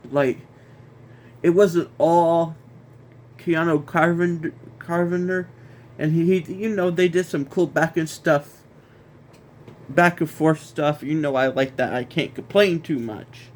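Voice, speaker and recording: A man's voice: a little high, fairly even intonation, a little slow. A man hosting a casual wrestling review, ranting in an exasperated way, repeating himself and stumbling over restarts.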